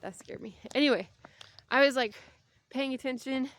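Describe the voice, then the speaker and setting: A woman's voice: high-pitched, normal speed, dry recording. A woman in her thirties rambling casually in a vlog, slightly out of breath as she walks outdoors. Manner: chatty, rambling, tangents. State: out of breath from walking. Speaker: vlogger. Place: outdoors, walking on a street.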